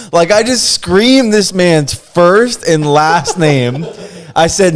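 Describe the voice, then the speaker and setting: A man's voice: high voice, slow pace. Young man telling a wild story, laughing. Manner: animated, laughs often, acts out quotes. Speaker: podcast host telling a story. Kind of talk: casual storytelling chat.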